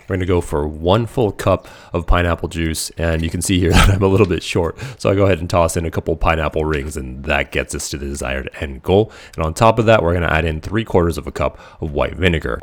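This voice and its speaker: Host, male, very low voice, laid-back cooking narration with goofy quips. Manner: playful, jokey asides. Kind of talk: casual cooking voice-over.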